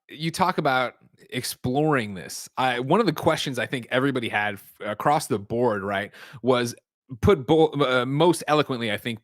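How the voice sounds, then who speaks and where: A man hosting a livestream panel with excitable, fast banter. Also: mid-range voice, dry recording, clean studio sound. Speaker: host.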